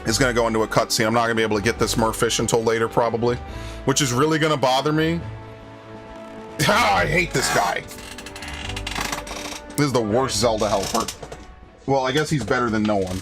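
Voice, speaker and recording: A man's voice: mid-range voice, brisk, long pauses. A young man streaming a video game, chatting casually, rambling and sarcastic, swearing often and telling anecdotes. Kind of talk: casual gaming commentary. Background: faint game music.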